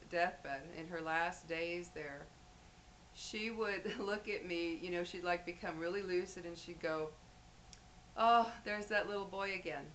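A woman with a somewhat low voice talks casually to her viewers from home. She rambles earnestly, restarting sentences and filling pauses. A faint hum of noise sits behind her. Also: fairly bright tone, low-quality recording. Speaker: vlogger. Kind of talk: casual talk to camera.

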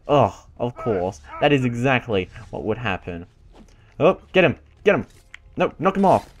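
A young man hosting a let's-play, giving excitable commentary and sarcastic jokes about the game as he plays. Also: mid-range voice, normal speed, soft background music. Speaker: gaming channel host.

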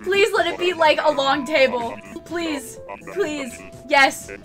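A woman streaming a video game in casual chat, talkative and quick to burst into excited squeals and laughter. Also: high-pitched, over music.

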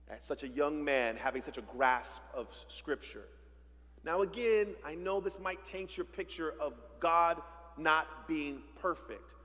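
High-voiced pastor preaching in a reverberant church. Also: male voice, fairly bright tone. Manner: conversational preaching with rhetorical questions and playful asides. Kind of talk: sermon. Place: church sanctuary. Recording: long reverb of a church sanctuary.

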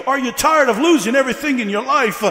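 A male evangelist preaches a fiery revival sermon in an extremely high, sharp voice at a quick pace. He breaks his lines with "uh" and builds intensity by repeating the same questions, recorded in an echoey hall.

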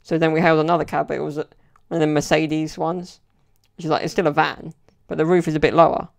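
A man's voice: on the high side, little pitch movement, quick pace, creaky. A young man telling stories in a casual solo podcast, rambling and chatty with lots of "like" and "you know". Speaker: podcast host.

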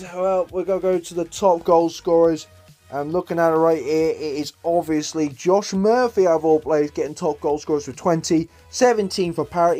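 A young man giving excited commentary on his own football video game match, swinging between mock commentator lines and exasperated, mildly sweary outbursts. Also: on the high side, breathy edge. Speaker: gaming YouTuber.

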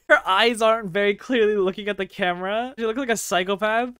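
A young man giving swear-heavy, excitable let's play commentary, laughing often. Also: high voice, brisk, smooth, dry recording. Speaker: gaming YouTuber. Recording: faint game music behind.

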